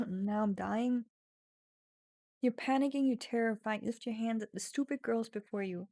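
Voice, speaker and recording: While playing an AI text adventure at her home streaming setup, she chats, types, laughs a lot at her own expense and reads passages aloud; English is her second language. Her voice sits on the high side, a bit bright and a little slow, in clean, echo-free studio audio.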